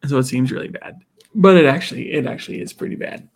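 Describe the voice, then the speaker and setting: A man's voice: medium pitch, fast. A man co-hosting a casual podcast chat, laughing often and acting out quotes from the show. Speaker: podcast co-host.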